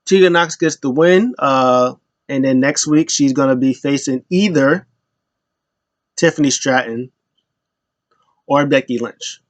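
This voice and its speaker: A man's voice: mid-range voice, measured pace, pauses often, dry recording. A man giving a casual, rambling wrestling recap and acting out what people said. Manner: loose, rambling retelling that acts out quotes.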